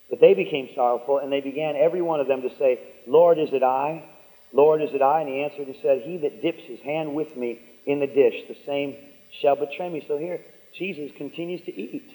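A man's voice: fairly high pitch, mellow. Man preaching a sermon in a reverberant hall. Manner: rising to emphatic preaching, calls for amens.

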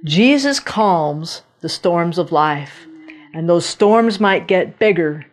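A woman preaching a sermon, telling Bible stories in an animated way and acting out the voices of the people in them. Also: lowish voice, takes it slowly. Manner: animated storytelling, acting out voices of biblical figures.

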